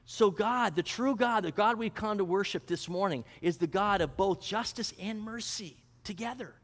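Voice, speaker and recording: A male pastor with a high voice delivers a sermon, putting questions to his congregation. The sound carries a long reverb, like a church hall. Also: moderate pace, a bit bright. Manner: teaching, asks the congregation questions.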